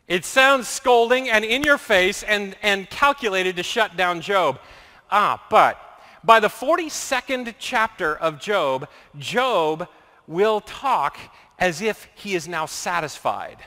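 A man's voice: high voice, expressive, a little slow, sharp tone. A man preaching a sermon as pastor, earnest and building his points through repetition. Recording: long reverb of a large hall.

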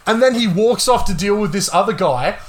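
A young man hosting a casual gaming podcast, talking excitedly and swearing a lot. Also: sits high, brisk. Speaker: podcast host.

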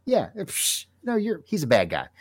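A man co-hosting a casual comic book talk show, animated and laughing often as he reads panels aloud. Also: a little high, moderate pace. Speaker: podcast co-host.

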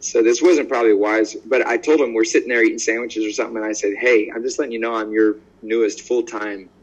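A man speaking as an evangelist guest, bold and outspoken, telling stories as he voices the people in them. His voice has a husky, breathy grain. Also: on the low side, fast talker, lo-fi sound. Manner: lively storyteller acting out quoted dialogue. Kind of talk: conversational podcast interview.

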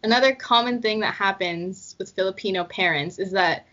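A woman's voice: mid-range voice, normal speed, a bit bright. A young woman chatting casually on a podcast, giggly and full of fillers. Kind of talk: casual chat. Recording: dull lo-fi sound.

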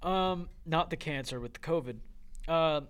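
Young man telling a rambling, animated story. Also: a little high, measured pace, clear, resonant tone. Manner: animated, heavy use of "like", laughs while telling stories. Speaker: podcast co-host. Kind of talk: casual storytelling chat.

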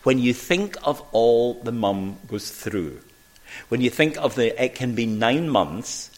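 A man delivers a sermon in a church at an unhurried, deliberate pace. His pitch sits in the middle range for a man, and he speaks earnestly, pausing between phrases. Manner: measured, earnest preaching. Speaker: preacher.

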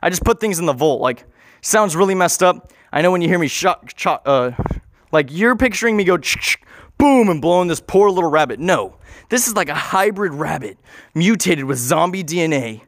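A young man rambling through a goofy, improvised story, voice bouncing around a lot as he goes. He sits somewhat high for a man and keeps correcting himself mid-sentence. The sound is dry and close. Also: animated, moderate pace, no room sound. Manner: goofy, rambling, self-interrupting.

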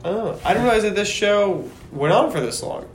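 Slightly high young man, echoey kitchen. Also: moderate pace. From Canada. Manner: reactive, animated interjections. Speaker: podcast host. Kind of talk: casual chat. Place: home kitchen. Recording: echoey kitchen with faint noise.

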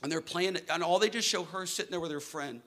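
A middle-aged male pastor delivers a sermon in a church. His voice is bright and a little high, and his delivery swings from hushed, slowed lines to loud, fervent ones. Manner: animated preaching, swings from soft to loud.

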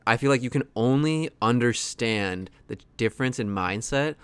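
A man's voice: medium pitch, expressive, normal speed, fairly bright tone, clean tone, dry recording. An American man hosting a podcast in casual chat, laid-back, full of slang and calling his guest dude. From United States. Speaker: podcast host.

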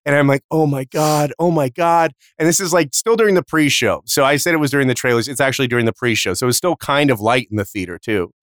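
A man's voice: medium pitch, no echo, clean studio sound. A man hosting a podcast, telling a long comic story in casual, profane chat with sudden jumps in voice. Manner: animated, profane storyteller with quick voice shifts. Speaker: podcast host.

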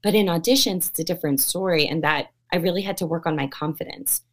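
A woman's voice: on the low side, quick pace. A woman, an actress, chatting as an interview guest, bubbly, laughing often and using lots of fillers. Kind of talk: casual interview chat.

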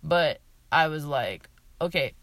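A woman's voice: on the high side, brisk, no echo. A young woman co-hosting a podcast, telling a dating story with lots of swearing and acted-out quotes. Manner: animated, swears a lot, acts out quotes. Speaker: podcast co-host. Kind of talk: casual storytelling chat.

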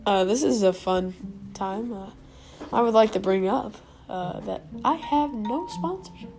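A woman's voice: mid-range voice, unhurried, a little mellow, soft background music. A young woman hosting a casual solo podcast from home, rambling with self-mocking asides. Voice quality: creaky vocal fry. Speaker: podcast host.

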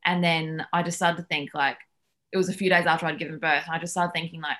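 Chatty woman, lowish voice. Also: quick pace. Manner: chatty, lively storytelling with many fillers. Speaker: podcast guest, nutritionist. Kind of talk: casual chat.

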